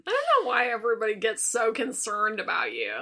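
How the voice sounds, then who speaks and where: A young woman co-hosting a casual podcast, musing in relaxed, rambling asides. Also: on the high side, a little fast. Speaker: podcast co-host. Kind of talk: casual chat.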